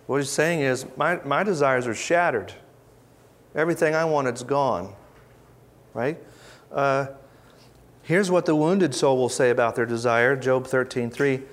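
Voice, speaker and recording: A man giving an informal Bible teaching, conversational and reflective, with pauses and restarts as he reads verses aloud. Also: medium pitch. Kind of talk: informal teaching talk with scripture readings.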